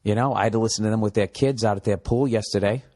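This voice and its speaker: A man in his forties hosting a comedy podcast from home, rambling in a profane, animated monologue and slipping into mocking voices. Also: on the low side, fast. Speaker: podcast host. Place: home room with window.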